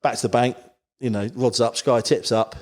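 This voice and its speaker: A man's voice: mid-range voice, fairly even intonation, normal speed, darkish tone. A man from the Isle of Wight, a podcast guest telling a long story in casual, rambling chat. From England, Isle of Wight. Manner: rambling, full of "you know" asides.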